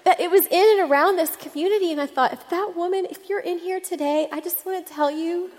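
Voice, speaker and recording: A woman's voice: very high-pitched, brisk, darkish tone. A woman, a pastor's wife and mother, telling a self-mocking anecdote on stage at a church. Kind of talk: storytelling on a stage. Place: church hall. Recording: echoey hall.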